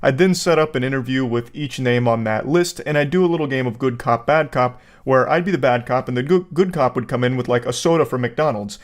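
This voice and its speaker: A man giving casual comedic commentary, joking in a deadpan, mock-serious way. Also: medium pitch, brisk, hardly any pauses. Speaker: online commentator.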